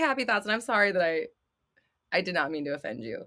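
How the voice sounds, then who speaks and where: Bright-voiced woman hosting a blunt livestream. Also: lowish voice, very animated, quick pace. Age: 30s. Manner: blunt, swearing, laughing, dramatic outbursts. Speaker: host. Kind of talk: livestream chat answering viewers.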